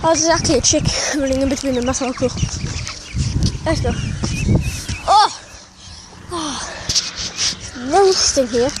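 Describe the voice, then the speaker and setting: A woman's voice: sits high, a little slow, long pauses. A woman chatting casually for a vlog, rambling and correcting herself as she goes, outdoors on a farm among chickens. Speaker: vlogger. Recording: loud outdoor noise, animal sounds. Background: loud outdoor noise and animal sounds.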